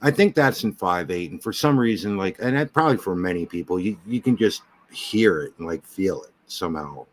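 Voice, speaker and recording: A man with a deep, low-pitched voice talks casually. He asks curious beginner questions and often restarts his sentences as he works through an idea. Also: lively intonation, fairly quick, few pauses. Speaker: host. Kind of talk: casual chat.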